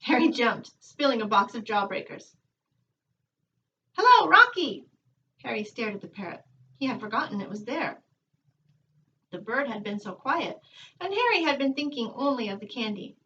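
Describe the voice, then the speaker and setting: A woman teacher reading a children's book aloud to her students in a calm, measured storytelling manner. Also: a little high, recorded from a distance, lo-fi sound.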